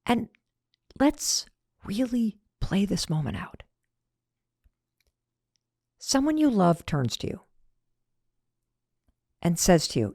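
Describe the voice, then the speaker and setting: A middle-aged woman hosting a podcast, telling a story in an animated motivational talk that drops to whispered asides. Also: mid-range voice, takes it slowly, long pauses, no echo, clean studio sound. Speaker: podcast host.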